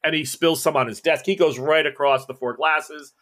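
A man as game master, narrating a tabletop role-playing game in a lively way. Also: a little high, moderate pace.

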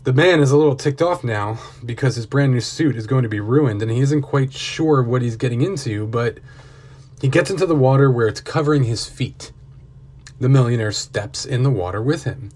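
Husky man telling a motivational story. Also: medium pitch, moderate pace, darkish tone. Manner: earnest, building intensity. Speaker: narrator.

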